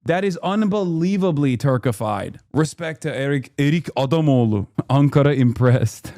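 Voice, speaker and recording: Male streamer, sarcastic ranter, pitch sits a touch high; jumps loud when mocking. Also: expressive, normal speed. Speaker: streamer reacting to clips. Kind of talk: casual profane commentary.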